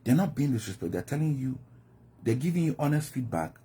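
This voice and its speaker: A man's voice: mid-range voice, very animated, fast, dark tone, husky. A man from Nigeria giving a reflective monologue about communication styles, often acting out quoted voices. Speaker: commentator.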